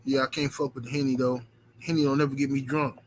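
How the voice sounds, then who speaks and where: This livestream host has a mid-range voice and talks fast, with a little hiss or hum on the recording. He reads viewer super chats aloud, swearing a lot and repeating himself, lurching from loud outbursts to muttering.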